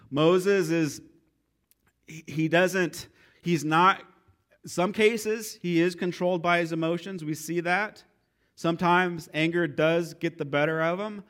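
A man preaching a sermon as pastor, joking and playful in his delivery. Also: on the high side. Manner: joking, playful, self-deprecating; animated, lively delivery.

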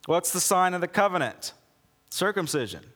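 A male pastor preaching a conversational sermon with sarcastic asides, acting out quoted lines in a lower, softer voice. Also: very animated, normal speed, in a large hall.

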